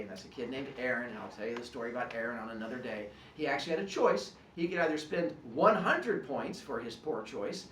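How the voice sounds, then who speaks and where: A man teaching and explaining classroom rules in an animated, joking way, acting out his students. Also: mid-range voice, echoey room, a little hiss or hum. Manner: animated, jokey, acts out students.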